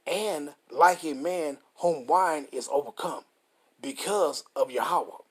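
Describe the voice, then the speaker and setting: A husky, slightly high-pitched man reads scripture aloud and breaks off into heated, profane commentary. He slows right down and leans hard on the verses, then rushes back into combative asides. The voice has a breathy, roughened edge.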